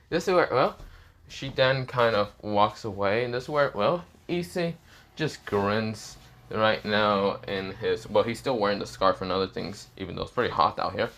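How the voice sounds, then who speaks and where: A man improvises a fan story out loud, telling it in a rambling, casual style packed with fillers and swearing. His voice is lowish with a fairly bright tone, and he talks at a normal speed.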